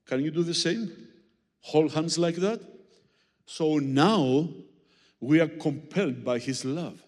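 Guy preaching in english, slow and animated, echoey church hall. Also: on the high side. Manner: animated, teasing, with audience demonstrations. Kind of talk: sermon with Greek word study. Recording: long hall reverb.

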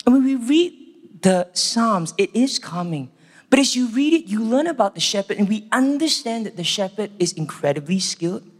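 A Singaporean man with a Singaporean English accent giving a church sermon. He opens with a prayer and then tells animated stories. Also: high voice, moderate pace. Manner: animated storytelling, acts out quotes. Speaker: church staff preacher. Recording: long hall reverb.

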